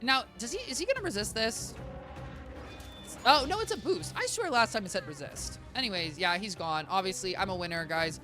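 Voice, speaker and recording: A man's voice: high voice, expressive, fairly quick, bright, forceful tone, soft background music. A young man streaming a video game, rambling in a casual, self-deprecating way and talking to his chat as "guys". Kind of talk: casual gaming commentary.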